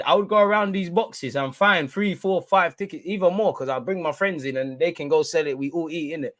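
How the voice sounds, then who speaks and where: Fast-talking and on the high side, a Londoner in his twenties hosts a football watchalong live, recorded with no room sound. He banters, commentates on the match, and tells animated stories loaded with London slang.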